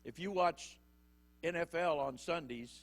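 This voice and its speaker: A man's voice: a little high, moderate pace. A middle-aged man preaching a conversational sermon in church, acting out short quotes as he goes. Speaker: prison minister preaching.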